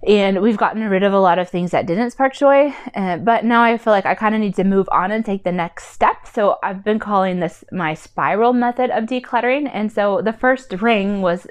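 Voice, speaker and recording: A woman's voice: mid-range voice, moderate pace, hardly any pauses, smooth. A woman vlogging about decluttering as a mother, chatty and rambling, with lots of "like" and "um", and earnest in tone. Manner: chatty and rambling, with many fillers like "like" and "um"; earnest and heartfelt. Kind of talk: casual personal vlog talk.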